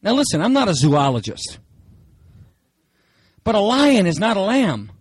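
Male preacher, sermon, high voice, lively swooping delivery, dry sound. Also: measured pace, slightly rough, no echo, poor audio. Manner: animated, dramatic, playful asides.

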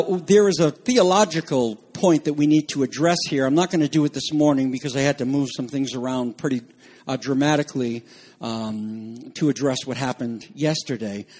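A man's voice: mid-range voice, a little mellow, slightly rough. A man preaching a sermon as pastor, reading scripture and explaining it earnestly, stressing key phrases with fillers and asides.

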